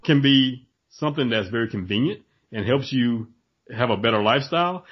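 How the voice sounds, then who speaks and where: Husky man in animated casual chat. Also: medium pitch, fairly quick. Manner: animated, acts out voices in his stories. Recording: dull lo-fi recording.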